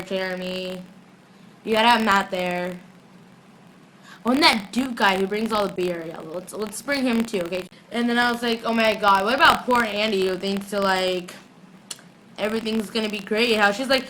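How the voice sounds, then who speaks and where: A young woman chatting casually in a fan video recap, giggly and animated, often slipping into quick quoted voices for the characters, recorded on a phone. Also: medium pitch, slight background noise, low-quality recording. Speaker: fan vlogger recapping a TV episode.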